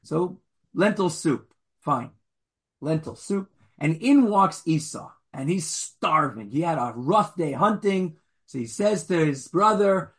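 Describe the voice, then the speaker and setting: Animated, husky, high-voiced man lecturing. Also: a little slow. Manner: animated, acts out the figures with sudden jumps in pitch and loudness; conversational, jokes with the audience. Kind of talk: Torah lecture.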